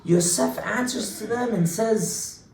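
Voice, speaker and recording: A man, a rabbi, giving an informal Torah class with animated storytelling, swinging his pitch and loudness for emphasis. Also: slow pace, creaky, echoey room, distant mic, a little hiss or hum, low-quality recording. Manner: talks to class, asides to listeners.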